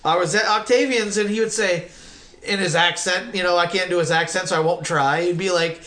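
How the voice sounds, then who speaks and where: Middle-aged man, casual interview host, rambling anecdotes, slightly high voice, salty language. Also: a little fast. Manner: rambling, animated storytelling with profanity. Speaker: podcast host.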